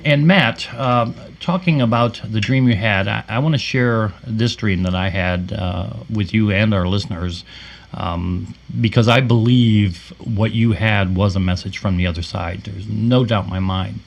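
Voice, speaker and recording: A man co-hosting a paranormal podcast, telling a personal story in a halting way with many fillers and restarts. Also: lowish voice, vocal fry. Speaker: podcast co-host. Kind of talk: casual storytelling.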